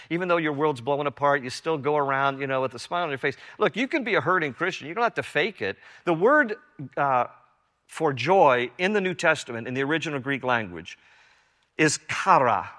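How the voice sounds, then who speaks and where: An older man with a fairly high, bright, forceful voice preaches a sermon as pastor. He's earnest and emphatic, repeating his key lines, and a long hall reverb surrounds him.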